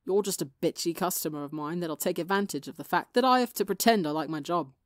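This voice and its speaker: Woman reader voicing a cocky teenage boy, loud and defensive, slightly gravelly tone. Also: lowish voice, fast, dry recording, studio quality, close to an everyday voice. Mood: defensive bluster.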